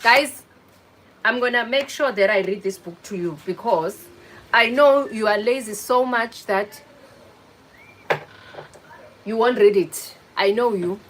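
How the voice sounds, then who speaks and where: Chatty woman, slow-paced. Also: a little high, a bit bright, slight background noise, poor audio. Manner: chatty, greets viewers by name, teasing. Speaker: livestream host. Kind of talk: casual live chat with viewers.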